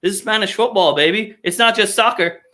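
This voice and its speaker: A man's voice: sits high, fairly quick, bright, forceful tone. A man hosting a casual sports podcast, ranting with heavy swearing and sarcasm. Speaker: podcast host.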